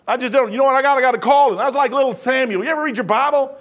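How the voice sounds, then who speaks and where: A man in his sixties preaching a sermon in a folksy, animated way, swinging between quiet asides and loud bursts and acting out the voices in his stories. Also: extremely high pitch, very fast. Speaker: pastor.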